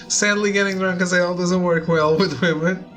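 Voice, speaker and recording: A man's voice: sits high, a bit bright. A young man chatting casually while streaming a game, joking and self-deprecating and laughing often. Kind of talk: casual chat over gameplay. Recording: faint game music behind. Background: game music.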